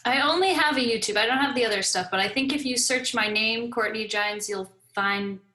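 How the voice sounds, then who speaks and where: A woman in casual group chat, self-deprecating and quick to laugh at herself. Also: on the high side, sharp tone. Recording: echoey room.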